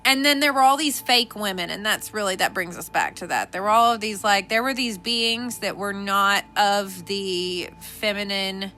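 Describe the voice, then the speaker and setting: A young adult woman hosting a casual podcast, sassy and animated, laughing often. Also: mid-range voice, moderate pace, few pauses, soft background music. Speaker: podcast host.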